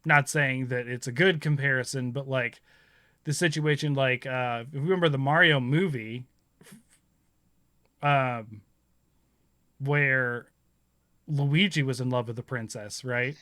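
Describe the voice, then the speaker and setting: A man's voice: medium pitch, a little slow, long pauses, bright, forceful tone, dry recording, studio quality. A man in his thirties hosting a casual chat, rambling through stories, laughing often and acting out what others said. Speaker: podcast host.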